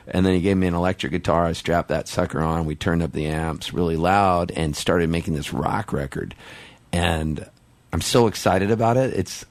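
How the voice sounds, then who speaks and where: In a casual radio interview, a middle-aged musician guest rambles excitably, often restarting his thoughts quickly. His voice sits low, and there's no room sound in the recording.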